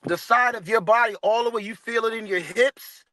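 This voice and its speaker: A man's voice: very high-pitched, fairly quick, pushed and bright, a little hiss or hum. A man leading a casual spiritual discussion and guided stretching, laid-back and slangy, swearing casually. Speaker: discussion leader.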